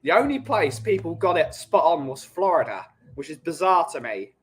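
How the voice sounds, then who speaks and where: A man with a London English accent, hosting a relaxed coffee chat stream and bantering jokily with his live chat. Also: on the high side, moderate pace, breathy edge, faint music behind, poor audio. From England. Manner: jokey, rambling banter.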